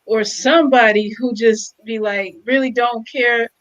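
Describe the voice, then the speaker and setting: A woman's voice: fairly high pitch, steady tone, a little slow, muffled recording. A woman co-hosting a casual hip hop album review, chatty and a bit hesitant.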